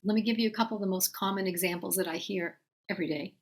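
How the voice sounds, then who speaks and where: A woman's voice: mid-range voice, steady tone, very fast. Woman voice teacher explaining singing. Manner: patient, explanatory, talks directly to students; breaks off to sing short demonstrations.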